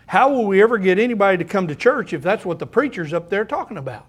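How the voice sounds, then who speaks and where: A man's voice: sits high, animated, brisk, hardly any pauses. An older man preaching a sermon, shifting from conversational asides to emphatic scripture reading. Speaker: pastor.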